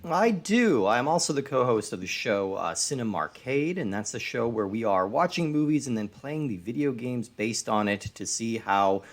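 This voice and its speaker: A man co-hosting a movie podcast, relaxed and chatty with many fillers. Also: medium pitch, moderate pace, few pauses. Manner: relaxed, laughs easily, many uhs. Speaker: podcast co-host. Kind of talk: casual podcast chat.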